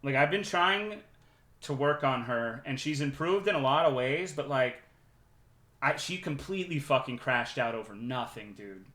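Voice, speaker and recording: A man streaming live, telling a work story in a profane, animated and sarcastic way. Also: medium pitch, moderate pace, reverberant. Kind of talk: casual livestream storytelling.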